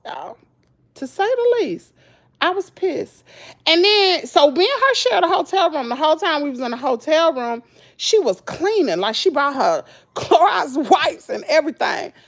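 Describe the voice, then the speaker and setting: A woman's voice: high-pitched, moderate pace. A Southern American woman vlogger telling a story in casual chat, acting out what people said and laughing often. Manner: animated storytelling, acts out quotes, frequent laughter.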